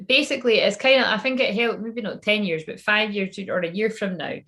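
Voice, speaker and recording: A woman's voice: mid-range voice, fairly quick, a bit bright. A woman giving a psychic reading in a casual, rambling monologue. She swears freely and laughs at her own jokes. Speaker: psychic reader channeling messages.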